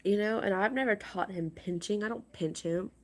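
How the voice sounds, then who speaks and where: A woman vlogging to her viewers, upset and agitated, talking in a halting, exasperated way and repeating herself. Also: mid-range voice. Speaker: crafting vlogger. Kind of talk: casual vlog rant to viewers.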